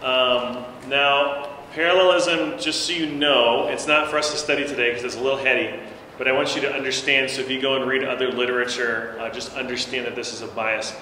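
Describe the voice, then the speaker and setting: A man's voice: mid-range voice, fairly even intonation, a little fast, sharp tone. Casual man teaching a church class. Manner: loose and conversational, many fillers and restarts. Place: church room. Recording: very echoey long-reverb room with faint noise.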